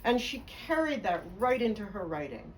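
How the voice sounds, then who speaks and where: A woman's voice: medium pitch, sing-song, moderate pace, distant mic, a little hiss or hum, low-quality recording. A woman biographer telling stories in a conversation, speaking fluently and with emphasis. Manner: fluent, emphatic, laughs along. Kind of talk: conversational storytelling interview.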